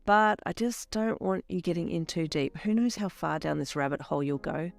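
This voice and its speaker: Here is a brash young woman, the sort of blunt best friend who teases and jeers with slangy put-downs, as a female reader voices her, in a fan fiction audio story. Her voice sits a little low, with soft music in the background. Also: moderate pace, creaky, no room sound. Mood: coaxing.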